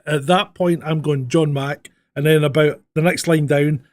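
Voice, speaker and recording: A man's voice: on the high side, fairly even intonation, moderate pace, darkish tone. A man co-hosting a live stream, telling stories animatedly with swearing and laughter. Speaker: co-host. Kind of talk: casual live-stream chat.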